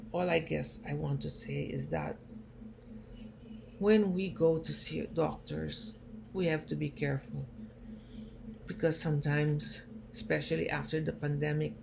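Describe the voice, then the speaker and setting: Woman, gravelly voice, emphatic storytelling, noisy recording. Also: deep voice, fairly even intonation, measured pace. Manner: emphatic, indignant retelling. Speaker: cancer survivor sharing her story. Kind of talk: personal storytelling talk.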